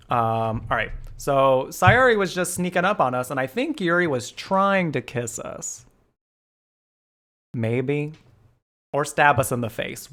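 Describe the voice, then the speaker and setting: Animated, giggly male streamer. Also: medium pitch. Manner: animated, giggly, greets chat by name. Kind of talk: casual live-stream chat.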